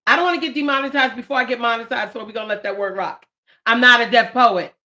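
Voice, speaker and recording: Bright-voiced woman poet on a live stream. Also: fairly high pitch, quick pace. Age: young adult. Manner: playful, talks back to herself, swings from joking to tearful. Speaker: poet and channel host. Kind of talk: live stream, reading poems with chatty asides.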